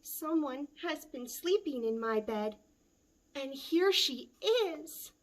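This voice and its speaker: A woman voicing a little baby bear with a high, squeaky, whiny voice in a storybook. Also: lively intonation, takes it slowly.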